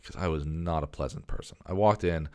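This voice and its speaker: Deep and bass, this podcast host's voice is brisk, dark, clear, and resonant, recorded dry at studio quality. He unloads a long, exasperated story in casual conversation, swearing and repeatedly restarting his sentences.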